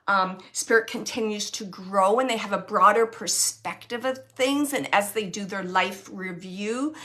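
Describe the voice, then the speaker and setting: A middle-aged woman working as a medium, relaying spirit messages in a live online reading and softly repeating the phrases she hears. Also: mid-range voice.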